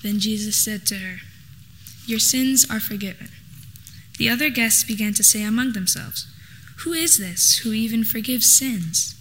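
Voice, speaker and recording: A woman reading a scripture passage aloud in church, steady and measured. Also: on the high side, big-room sound, a little hiss or hum, low-quality recording. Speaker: scripture reader.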